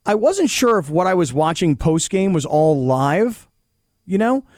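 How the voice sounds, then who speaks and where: Male co-host for sports talk; joking, self-deprecating, slightly high voice, dry booth sound. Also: very animated, measured pace, a little mellow, dry recording. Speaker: radio show host.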